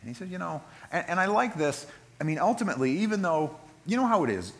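Expressive preacher man. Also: high-pitched, fast. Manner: expressive, acts out voices in quotes, swings from loud emphasis to quiet reading. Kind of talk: sermon.

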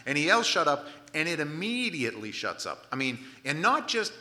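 Bright-voiced man preaching a sermon. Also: fairly high pitch, sing-song, brisk. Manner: conversational preaching with frequent restarts and stammered repeats; grows loud and emphatic at climaxes. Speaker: pastor.

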